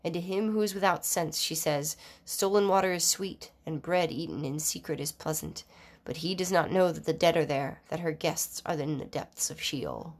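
Low-voiced woman reading scripture. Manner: measured, formal reading with occasional slips and restarts. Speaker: scripture reader. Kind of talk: Bible reading aloud.

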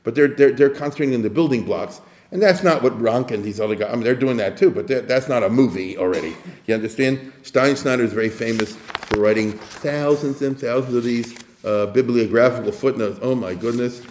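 A man lectures in a loose, conversational way, wandering off on tangents and checking that his listeners follow. His voice sits at an ordinary pitch, and the room around him gives it a noticeable echo. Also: a little fast, hardly any pauses, a little mellow, slight background noise. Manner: conversational, digressive, asks the audience for assent. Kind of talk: informal lecture.

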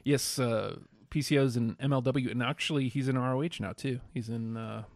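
A man's voice: mid-range voice, fairly even intonation, moderate pace, no room sound. A man co-hosting a podcast, laid-back and dry in casual chat. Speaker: podcast co-host.

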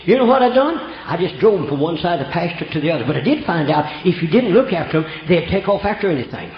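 Folksy old preacher man, lively high voice. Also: fast, a little hiss or hum. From Oklahoma. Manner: homespun, rural grammar, animated. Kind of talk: folksy storytelling sermon. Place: church. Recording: echoey church room, dull lo-fi sound.

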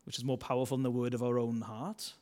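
Male preacher, chatty sermon delivery, rhetorical tag questions, mid-pitched voice. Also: level tone, fast talker, dark tone. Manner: conversational, asks rhetorical questions; acts out voices of biblical characters.

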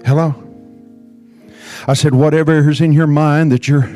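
A man preaching a sermon in a church, calling the congregation to respond and often rising to shouts. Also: on the high side, fairly even intonation, normal speed, faint music behind. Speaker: pastor. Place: church sanctuary.

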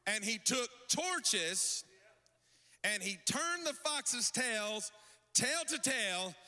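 A man's voice: extremely high pitch, animated, extremely slow, bright, forceful tone, in a large hall. A male pastor preaching a sermon in a rhythmic, sing-song cadence, repeatedly calling out to his congregation.

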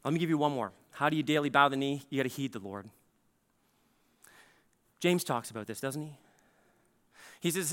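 Bright, high-voiced preacher. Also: male voice, big pitch swings, brisk, long pauses. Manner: earnest, emphatic, repeats words and restarts. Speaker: pastor. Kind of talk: sermon. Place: church sanctuary.

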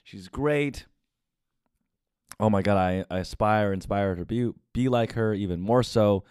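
A man's voice: fairly low pitch, a little slow, a little mellow, clean tone, no room sound, studio quality. A young man from the United States hosting a casual podcast monologue, talking candidly and confessionally and swearing often. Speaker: podcast host.

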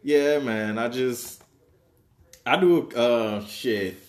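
A young man hosts a casual podcast in a laid-back, joking manner, his voice sitting at an ordinary middle pitch. He talks loosely and slangily with his co-host. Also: drawn-out words. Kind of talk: casual chat.

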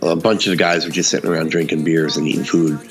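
A man's voice: a bass voice, quick pace, faint music behind. A man co-hosting a casual chat, telling stories and acting out the voices of the people in them. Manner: animated storyteller, acts out quotes.

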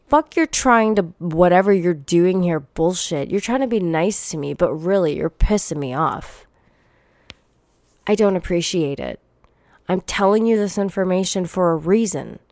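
Young woman, podcast host, low voice, blunt swearing rant, coming down with a cold, dry close sound. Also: moderate pace, a little mellow, no room sound. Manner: blunt, profane, exasperated venting.

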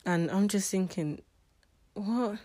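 A woman's voice: medium pitch, moderate pace, darkish tone. A woman giving a casual spoken book review, chatty and emotional, often restarting her sentences.

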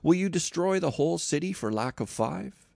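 Read by a man, an elderly patriarch pleads and bargains with earnest humility. The voice has a gravelly edge, and the sound is dry. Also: fairly high pitch, lively intonation, normal speed, a little mellow, no echo, voice pushed up. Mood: pleading.

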